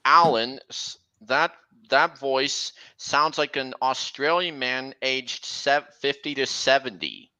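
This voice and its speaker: A young man hosts a casual livestream chat, speaking slowly and breaking off to restart his sentences. His voice has a bright, tense edge. He speaks at a middle pitch. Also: expressive, smooth, low-quality recording. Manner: halting, with frequent restarts. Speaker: livestream host.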